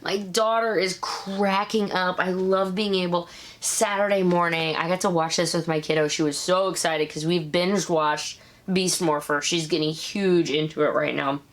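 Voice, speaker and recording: A woman in her thirties hosting a casual episode review, chatty and animated, with quick asides. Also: on the low side. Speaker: show review host.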